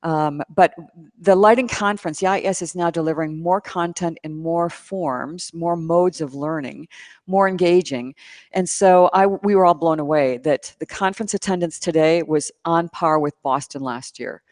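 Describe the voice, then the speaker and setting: A woman guest, the conference chair, explaining her field in a casual interview at a conference, lively and enthusiastic with frequent ums. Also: on the low side, normal speed, no room sound, studio quality. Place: conference venue.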